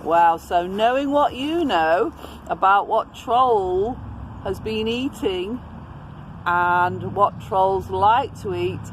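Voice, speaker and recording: A woman reading a story aloud to children, expressive and gentle, speaking to them directly. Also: medium pitch, a little hiss or hum.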